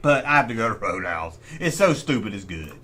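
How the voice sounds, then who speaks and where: A man's voice: lowish voice, fairly quick. A middle-aged man hosting a casual livestream chat, opinionated and talking himself through choices. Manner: animated, opinionated, talks to himself while deciding. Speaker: host.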